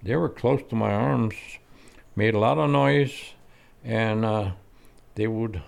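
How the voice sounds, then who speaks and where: A man's voice: fairly low pitch, slow pace, creaky. An older man telling a story from his youth, acting out the voices of the people in it. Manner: reminiscing, acts out quoted voices. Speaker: guest.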